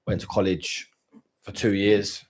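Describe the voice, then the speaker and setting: Easygoing guy in his thirties, low-ish voice, casual podcast guest. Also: little pitch movement, a little slow, darkish tone. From East London. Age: 30s. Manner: easygoing, chatty, plainspoken. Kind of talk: casual chat.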